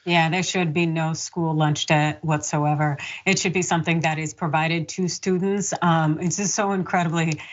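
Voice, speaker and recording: A woman's voice: low-pitched, fairly even intonation, moderate pace, few pauses. A woman guest commentator speaking earnestly in a conversational way, with some filler words. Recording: slightly muffled, lo-fi audio.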